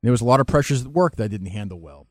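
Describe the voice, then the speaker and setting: A man, a talk radio host, speaking candidly and emotionally in an interview, with frequent halting restarts. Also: mid-range voice, lively intonation, no room sound, studio quality. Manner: halting, many restarts, emotional and self-critical.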